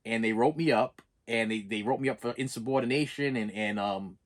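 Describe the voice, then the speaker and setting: A man's voice: medium pitch, fairly quick. Middle-aged guy rambling thru his story, repeats himself a lot, blunt and emphatic. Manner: rambling, repeats phrases and restarts often; plain-spoken, emphatic. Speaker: channel host. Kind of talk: personal storytelling monologue.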